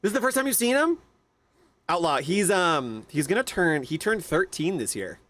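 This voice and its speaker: A man streaming a game live, chatting casually with loud, excitable outbursts. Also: sits high, normal speed. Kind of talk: casual live-stream chat over gameplay.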